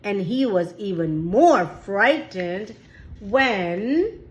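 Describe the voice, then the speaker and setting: Slow read-aloud storyteller woman. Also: medium pitch, animated, rough recording. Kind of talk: reading a chapter book aloud.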